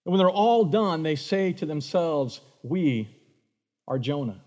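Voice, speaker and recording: At a measured pace, a male pastor with a somewhat high voice delivers an animated sermon, acting out the voices of Bible figures to bring the story to life. The long reverb of a large hall surrounds him.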